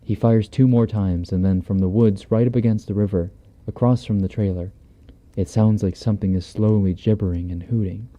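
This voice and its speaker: A man's voice: lowish voice, steady tone, moderate pace, dark tone, muffled recording. A man reading a horror story aloud on a stream in a laid-back, profane, conversational way, close on a binaural mic. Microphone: binaural dummy-head mic.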